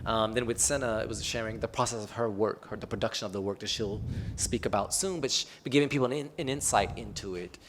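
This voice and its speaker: Low-voiced man speaking on a panel. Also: quick pace, hardly any pauses, a little hiss or hum. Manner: relaxed and loose, with frequent "um" and "kinda" fillers. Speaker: panel speaker from an arts foundation. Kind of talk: conversational panel talk. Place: public talk at an arts event.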